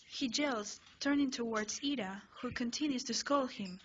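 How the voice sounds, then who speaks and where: A woman's voice: a little high, measured pace, few pauses. A woman narrating a second-person fanfiction story, reading plainly with small stumbles. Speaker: fanfiction reader. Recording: slightly muffled home recording with faint hiss.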